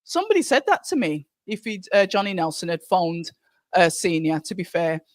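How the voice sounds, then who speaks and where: A woman's voice: fairly low pitch, big pitch swings, normal speed, no room sound, clean studio sound. A middle-aged woman hosting a live stream, chatting casually and reading viewer comments aloud from home. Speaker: livestream host.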